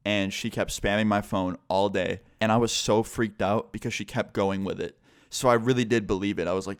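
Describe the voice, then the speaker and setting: A man's voice: on the low side, fairly even intonation, brisk, clean tone. A young man telling a story on his vlog in a laid-back way, swearing and saying "like" constantly. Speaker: YouTuber.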